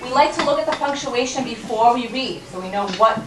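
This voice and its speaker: A high-voiced woman leads a first-grade reading lesson, patient and coaxing, checking in with the class. She is recorded from a distance in an echoey classroom, with noise in the recording. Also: animated, fairly quick. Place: elementary school classroom. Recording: roomy classroom recorded from afar, noisy.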